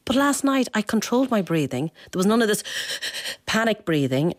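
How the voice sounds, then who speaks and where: Chatty woman with lively pitch. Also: a little fast, no room sound, studio quality. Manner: chatty, self-deprecating storyteller. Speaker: radio co-host. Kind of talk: casual radio chat.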